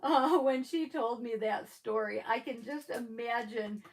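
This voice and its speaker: A woman with a noticeable lisp chats with her live viewers in an easy, rambling way and laughs often. Her voice sits a little high but carries a gravelly fry, and she takes her time, unhurried. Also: low-quality recording. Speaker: live-stream host. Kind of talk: casual chat with live viewers.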